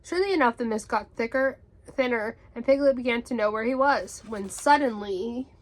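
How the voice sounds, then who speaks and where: A young woman in her twenties reads a bedtime story aloud. Her voice is high and soft, with a gentle storybook pace. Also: normal speed. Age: 20s.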